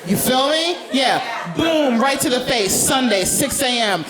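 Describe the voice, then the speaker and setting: A woman's voice: fairly high pitch, animated, unhurried, few pauses. A woman comedian telling a theatrical stand-up story on stage, now and then slipping into mock-grand speeches. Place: comedy stage before a live audience. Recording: live room with crowd laughter. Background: audience laughter.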